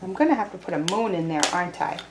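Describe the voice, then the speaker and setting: A woman teaching a video lesson to young children, speaking cheerfully, slowly and clearly. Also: lowish voice, animated, reverberant, heavy background noise. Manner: cheerful, slow and clear, sings simple songs. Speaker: preschool teacher.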